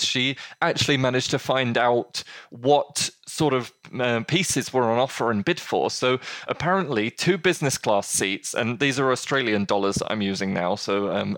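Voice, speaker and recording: A male co-host talking through the news in a casual chat, tripping over his words as he gets animated. His voice sits at an ordinary middle pitch. It is recorded close and dry, with no room sound. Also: dry recording. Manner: animated, halting, often restarts mid-sentence. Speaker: podcast co-host.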